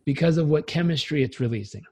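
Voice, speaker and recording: A man coaching as a podcast guest, telling stories in an energetic, emphatic and casually profane way. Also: on the high side, quick pace, slightly rough. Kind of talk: podcast interview storytelling.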